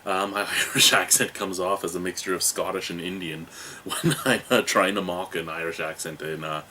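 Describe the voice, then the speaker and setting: A man's voice: low voice, fairly even intonation, moderate pace, bright, forceful tone, a little hiss or hum. A man in his thirties hosting a beer review from a home room, rambling in a jokey, self-mocking way. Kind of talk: casual video review. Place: home room with cartoon toys behind him.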